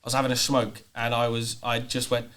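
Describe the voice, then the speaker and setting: A young man co-hosting a student podcast, telling a story in a low-key, laid-back way that trails off. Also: monotone, fairly quick, a bit bright. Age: young adult. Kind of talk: casual chat.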